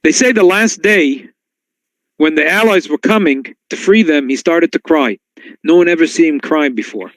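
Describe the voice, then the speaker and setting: Male rabbi, sermon-style class, slightly high voice, dry and close, animated storyteller. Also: moderate pace, dry recording, rough recording. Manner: storytelling, swings to high excited tones when quoting. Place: synagogue.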